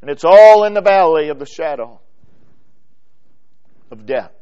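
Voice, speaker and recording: Man, preacher, sermon, high voice, slow deliberate delivery, emphatic repetition. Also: animated, smooth, muffled recording. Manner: slow, emphatic preaching that builds in lists and trails off softly.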